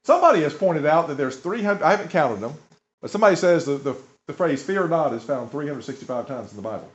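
A man's voice: fairly high pitch, expressive, quick pace. Folksy preacher man, dull lo-fi recording. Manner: folksy, asks the congregation questions. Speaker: pastor. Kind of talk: conversational sermon.

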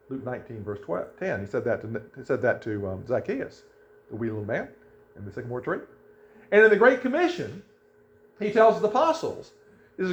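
Man preaching, lively rising pitch, fairly high voice, scripture readings, dull lo-fi sound. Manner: animated preaching, reads scripture aloud, rising emphatic questions. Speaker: pastor. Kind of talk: sermon.

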